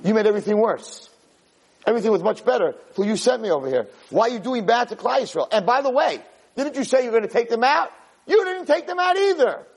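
A man's voice: high voice, lively intonation, fast, gravelly, mellow, husky, pitched above the performer's own voice, heavily acted, rough recording. A man voicing Moses as a frustrated prophet indignantly questioning God. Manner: indignant, pleading. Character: frustrated ancient male prophet confronting God.

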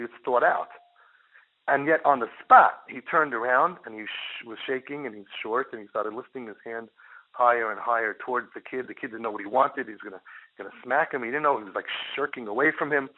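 A middle-aged man, a parenting guide, telling a case story in an animated way and repeating words for emphasis. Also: medium pitch. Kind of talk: storytelling talk. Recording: tinny phone-line sound.

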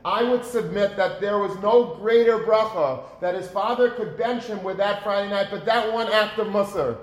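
A man's voice: high voice, normal speed, hardly any pauses. A man giving an earnest sermon, asking rhetorical questions and repeating words for emphasis. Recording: roomy echo.

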